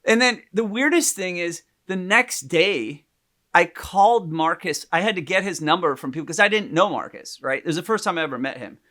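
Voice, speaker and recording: A man's voice: high voice, a little fast. A man co-hosting a podcast, telling a personal story in casual chat and acting out the people he quotes. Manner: animated storyteller, acts out quotes loudly. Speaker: podcast co-host.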